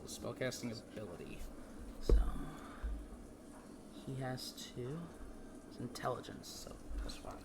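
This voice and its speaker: A man running a live tabletop game as dungeon master, narrating the action and briskly making rulings. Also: mid-range voice, animated, gravelly, whispered. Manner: brisk, directing turns and rulings.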